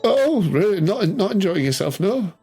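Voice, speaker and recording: A man's voice: high-pitched, sing-song, normal speed, warm tone, slightly rough, soft background music, pitched above the performer's own voice, full character voice. A man voicing a flustered, chatty male sweet-shop keeper who stammers and hesitates.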